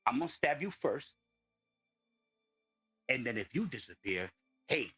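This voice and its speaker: Man doing a foul-mouthed brawler, husky voice, lively swooping pitch, ranting. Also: unhurried, soft background music, heavily acted. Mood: ranting menace. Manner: swearing constantly, taunting, ranting.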